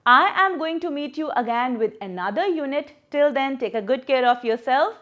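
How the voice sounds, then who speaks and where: Lively, high-voiced woman teacher. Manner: sounds out words slowly, syllable by syllable. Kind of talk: children's English lesson.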